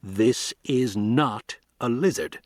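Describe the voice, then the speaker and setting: A man's voice: medium pitch, slow, no echo, clean studio sound, lightly acted. A man reading an audiobook, voicing a cold, stubborn male scientist who talks in a clipped, exasperated way.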